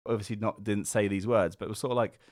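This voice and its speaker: Guy rambling fast on a podcast, lots of likes and swearing, dry close sound. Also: lowish voice, no room sound. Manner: rambling, animated retelling with frequent fillers and swearing. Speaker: podcast co-host. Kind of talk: casual chat.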